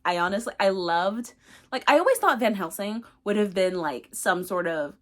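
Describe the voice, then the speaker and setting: A woman's voice: mid-range voice, expressive, moderate pace, a bit bright. A young woman recapping a book casually, rambling with lots of fillers. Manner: rambling, filler-heavy, chatty. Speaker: book reviewer.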